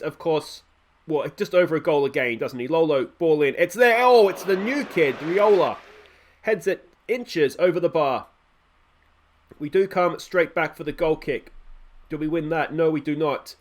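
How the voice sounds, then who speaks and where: A young man with an Australian accent commentating his own football management game in a chatty, self-mocking way. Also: fairly high pitch. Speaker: gaming YouTuber. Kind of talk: let's play commentary.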